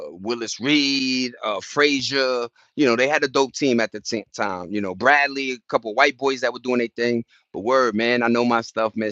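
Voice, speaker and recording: A man's voice: mid-range voice, a bit bright, no room sound, highs cut off. A man vlogging in a casual, slangy, rambling way, chatting loosely to his viewers from home. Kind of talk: casual chat to camera. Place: at home with plants and a cat.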